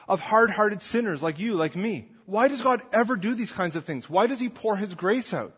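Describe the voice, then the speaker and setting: With a moderate pace and few pauses, a pastor delivers a chatty sermon, often turning to the congregation with "right?" His high voice is husky and fairly bright with lively intonation, though the recording is dull and carries long hall reverb.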